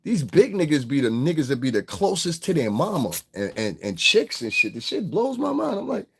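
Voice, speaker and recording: With a fairly high, creaky and slightly rough voice, an online show host rants on his livestream, very animated and brisk. He's blunt and profane toward his chat and slips into mocking voices of other people.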